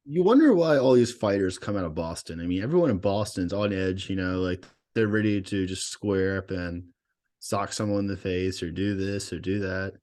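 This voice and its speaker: A man's voice: low voice, moderate pace, a little mellow. A young man co-hosting a casual podcast, easygoing and joking. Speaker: podcast co-host. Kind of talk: casual chat.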